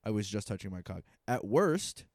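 A man, a stand-up comedian co-hosting a podcast, telling stories in casual, profane, animated chat. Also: on the low side, moderate pace, no room sound, clean studio sound.

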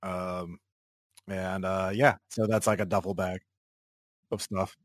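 A man playing a tabletop game, halting and trailing off with many fillers. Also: sits low, flat delivery, dry recording, clean studio sound. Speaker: player. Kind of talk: tabletop role-play as a player.

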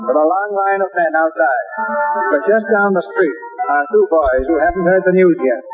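A man's voice: high-pitched, moderate pace. A man announcing and narrating a 1940s radio program in a declamatory, formal style. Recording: tinny old radio recording with music.

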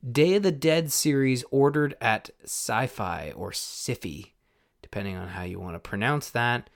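A man co-hosting a podcast in casual chat, relaxed and trailing off quietly at the ends of his thoughts. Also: mid-range voice, moderate pace, creaky. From Canada. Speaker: podcast co-host.

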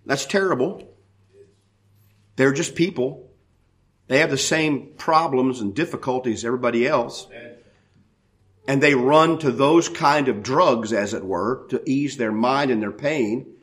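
A man preaching a sermon as pastor, animated and full of rhetorical questions. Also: medium pitch, measured pace, pauses often.

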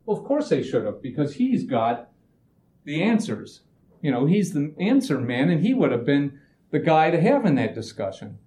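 A man's voice: fairly high pitch, normal speed, echoey room, low-quality recording. A man giving a casual motivational talk, telling anecdotes and acting out what people said, often restarting his phrases. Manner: animated storyteller, acts out quoted voices, often restarts phrases. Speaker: speaker giving a talk on expectations.

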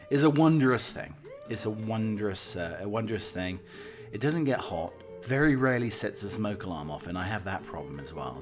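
Rambling jokey British man, lowish voice. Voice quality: theatrical, jokey, rambling with restarts. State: slightly out of breath. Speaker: comic vlogger playing a butler persona. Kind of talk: rambling comic product chat. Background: background music.

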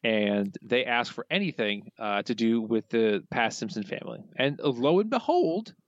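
A man's voice: medium pitch, animated, moderate pace, dry recording, dull audio. A man co-hosting a podcast, recapping the plot in a dry, matter-of-fact way. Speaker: podcast co-host. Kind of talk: casual podcast chat.

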